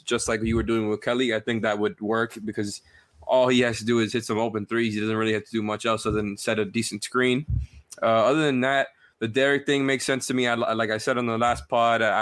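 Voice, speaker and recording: A man's voice: mid-range voice, fairly bright tone, clean tone, no room sound. A man co-hosting a casual sports podcast, analyzing tactics with frequent restarts. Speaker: podcast co-host.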